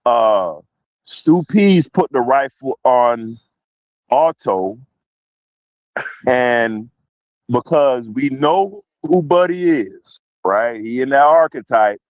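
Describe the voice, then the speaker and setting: A man's voice: mid-range voice, lively intonation, takes it slowly, no room sound, lo-fi sound. A man co-hosting a podcast, arguing in casual heated debate and repeating phrases to hold the floor. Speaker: podcast co-host.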